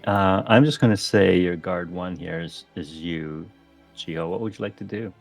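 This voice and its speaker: A man narrating as game master of a tabletop game, relaxed and describing the scene. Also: low voice, moderate pace, vocal fry, faint music behind.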